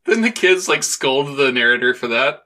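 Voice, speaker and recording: A man co-hosting a podcast, chatting in a relaxed, easygoing way and laughing along. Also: medium pitch, normal speed. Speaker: podcast co-host. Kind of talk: casual chat.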